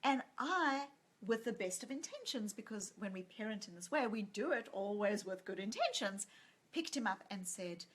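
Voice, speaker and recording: This is a woman with a husky, slightly breathy voice, talking as a psychologist and author in a relaxed interview. Her pitch sits in the middle range for a woman. She tells stories with real energy and acts out the lines people said in them. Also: normal speed. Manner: animated storyteller who acts out quoted lines. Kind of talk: conversational interview.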